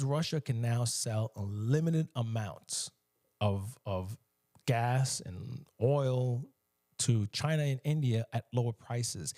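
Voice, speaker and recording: A US man with a mid-range voice talks on his own in an emphatic, animated style, regularly slipping into mocking voices.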